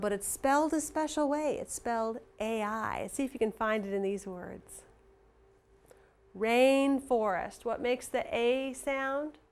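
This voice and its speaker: A middle-aged woman teaching phonics to young children, showing objects one by one in a patient show-and-tell way. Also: a little high. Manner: gets excited calling a pretend horse race. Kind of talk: video lesson for young children.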